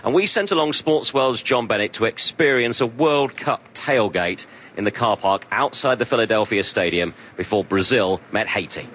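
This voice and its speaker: A man presenting a radio sports programme, thanking guests and introducing a report in a measured, polished way. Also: fairly low pitch, a bit bright, slight background noise. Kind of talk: scripted news presenting.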